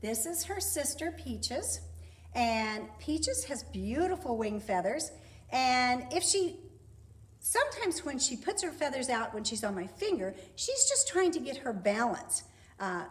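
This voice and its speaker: A middle-aged woman, a park district program specialist, giving a gentle, chatty educational talk for children and talking softly to her pet doves. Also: fairly high pitch. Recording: echoey room.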